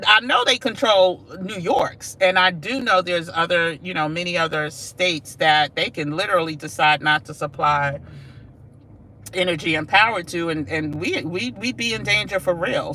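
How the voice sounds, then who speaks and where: Her voice is low, bright, and forceful as this woman vlog host live-streams from her moving car. Sassy and talkative, she addresses her viewers directly, calling them "y'all" and "child."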